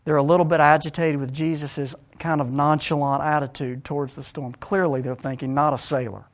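A man preaching a sermon, swinging dramatically between hushed, low passages and loud ones. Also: level tone, a little fast.

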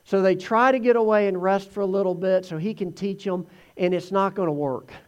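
A man giving a conversational sermon, telling the Gospel story in an animated way. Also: high voice, brisk. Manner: animated storytelling, acts out voices in quotes. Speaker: preacher teaching from the Gospels.

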